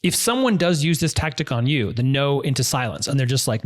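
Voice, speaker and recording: A man's voice: on the high side, expressive, brisk, few pauses. A man coaching viewers on negotiation in a direct, emphatic instructional talk, often repeating key phrases.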